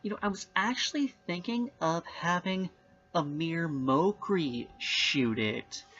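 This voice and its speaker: A man doing a hurt, jealous director who accuses in overblown melodrama. The delivery is slow, with a lively, swooping pitch. The sound is dull and lo-fi. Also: soft background music, exaggerated voice. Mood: accusing. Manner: melodramatic, accusing, rising to shouts. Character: jealous male film director, accusing and dramatic.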